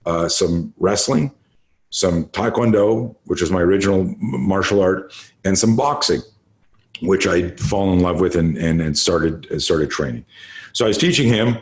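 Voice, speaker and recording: A man in his late fifties with a fairly low voice talks as a podcast guest. He tells stories in a casual, animated way, leaning hard on key words and swearing freely as he explains martial arts training. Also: normal speed. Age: late 50s. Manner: animated, emphatic storyteller who swears freely. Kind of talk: casual storytelling interview.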